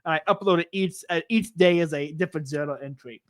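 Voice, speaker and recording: High-voiced, excitable man telling stories. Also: fairly quick, dry recording, clean studio sound. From United States. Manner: excitable, rambling, frequent restarts. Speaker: podcast host. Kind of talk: casual storytelling chat.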